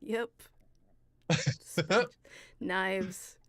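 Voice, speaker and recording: A woman co-hosting a casual podcast chat, playful and quick to laugh. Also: mid-range voice, no echo. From Illinois. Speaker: podcast co-host.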